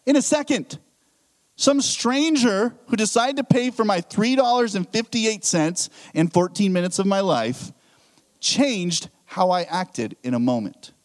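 A man's voice: high voice, a little slow. A pastor preaching a sermon, telling a story and acting out his own thoughts. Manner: animated storytelling with acted-out inner thoughts.

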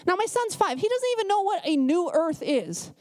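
Woman preacher with a high voice, casual sermon, lively storytelling delivery. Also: normal speed. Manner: animated storytelling, shifting pace. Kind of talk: conversational sermon.

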